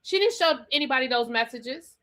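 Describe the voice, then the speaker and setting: Bright-voiced woman ranting casually. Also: sits high, expressive, a little fast. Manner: chatty and sassy, repeats her points. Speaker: host reviewing a reality TV episode. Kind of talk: casual live rant reading viewer comments.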